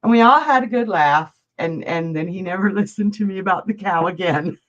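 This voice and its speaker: A woman's voice: lowish voice, brisk. Woman, middle-aged, psychic reader, live-stream chat, jokey, laughs a lot, dull lo-fi audio. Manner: chatty, jokey, laughs often.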